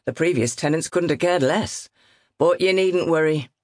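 A woman narrator voicing a brisk, offhand male estate agent in an audiobook. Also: low-pitched, no room sound, clean studio sound, voice pushed up, lightly acted. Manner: brisk and breezy. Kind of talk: audiobook character reading.

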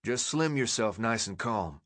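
A man voicing a calm, steady teenage boy who leads a group, in an audiobook. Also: mid-range voice, a little slow. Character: calm dark-skinned teen boy, group leader.

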